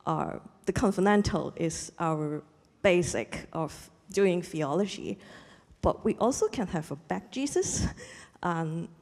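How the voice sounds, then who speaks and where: A woman's voice: fairly low pitch, lively intonation, slow, a little mellow. A woman asking a question at a lecture, speaking hesitantly with many fillers. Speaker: audience questioner, church historian. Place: lecture hall. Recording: reverberant lecture hall.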